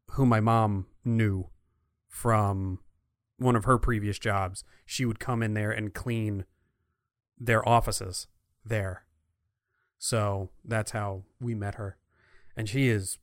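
A man's voice: on the low side, no echo. Laid-back guy cohosting a podcast, chuckles a lot, dry close mic. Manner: easygoing, chuckling, playful voices for quotes. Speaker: podcast co-host. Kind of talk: casual chat.

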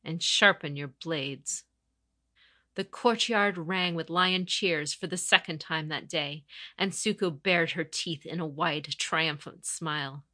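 A woman reads a story in a calm, steady voice. Her pitch sits a little low, her tone is bright, and the recording is dry and close. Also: unhurried, no room sound. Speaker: narrator. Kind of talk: storybook narration.

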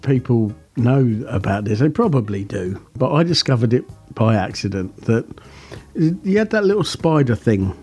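A man hosting a podcast in casual chat, hesitant with lots of ums, slightly husky. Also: mid-range voice, very animated, normal speed, darkish tone, soft background music. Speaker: podcast host.

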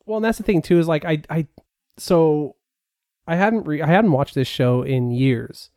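A man's voice: fairly high pitch, normal speed, mellow, no echo. Rambling man in dry chat. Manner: rambling, many fillers and restarts. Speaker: podcast co-host. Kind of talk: casual chat.

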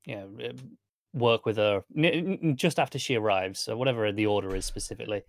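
A man's voice: lowish voice, fast talker, dry recording, clean studio sound. Easygoing male podcast co-host. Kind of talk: casual chat.

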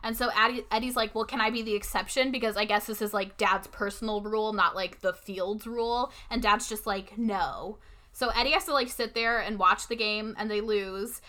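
Bright-voiced woman recapping an episode. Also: mid-range voice, fairly even intonation. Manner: retells scenes with quick quoted lines.

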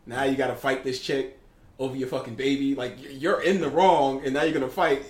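A man's voice: mid-range voice, fairly even intonation, fairly quick. A man in casual chat who gives blunt, opinionated takes and swears freely. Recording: echoey room with crowd noise.

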